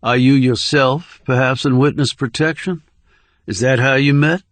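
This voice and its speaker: Man voicing a cold menacing interrogator, formal and condescending, mid-pitched, dry close sound, audiobook. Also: fairly even intonation, normal speed, no echo, natural voice. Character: menacing middle-aged male interrogator, cold and sneering.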